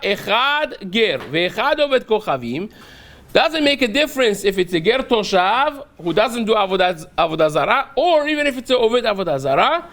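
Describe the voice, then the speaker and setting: A man's voice: very high-pitched, fairly bright tone. A man, a rabbi teaching a daily Talmud class, who reads a phrase aloud, then explains it step by step and keeps checking in with a rhetorical "right?".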